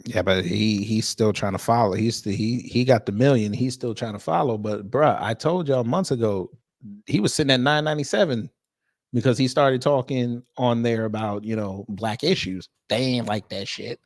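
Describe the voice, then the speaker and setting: A man's voice: medium pitch, moderate pace. Blunt mocking man, casual commentary. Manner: blunt, mocking, talks straight to the audience; swearing, slangy. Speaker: host.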